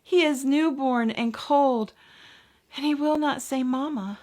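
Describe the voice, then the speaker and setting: A woman voicing an anxious mother mouse who pleads for a warm place for her newborn. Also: high voice, takes it slowly, voice pushed up. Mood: pleading. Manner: pleading, earnest.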